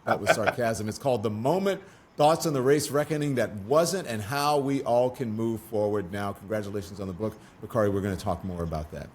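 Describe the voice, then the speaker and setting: A man hosting an interview show, talking in an animated way with wry asides. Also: lowish voice, brisk, husky. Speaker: talk show host. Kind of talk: casual interview talk.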